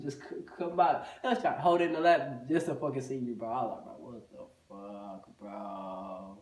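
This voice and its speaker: A man's voice: a little high, darkish tone. A man telling a casual storytime, loose and profane, with "bro" in almost every sentence. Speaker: vlogger. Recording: echoey room, voice far from the mic.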